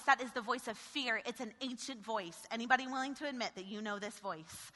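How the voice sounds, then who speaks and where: A woman preaching a sermon, moving between loud, forceful commands and quiet, intimate passages. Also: on the high side, lively intonation, fairly quick, few pauses. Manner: dynamic, shifting from shouted commands to hushed intimacy. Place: church sanctuary. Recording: reverberant church hall.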